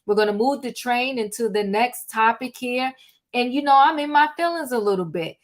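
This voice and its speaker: Speaking at a normal pace with a voice on the high side, this older woman hosts a live online chat room. Her casual, earnest talk-show manner is chatty and packed with fillers, heard through online room audio.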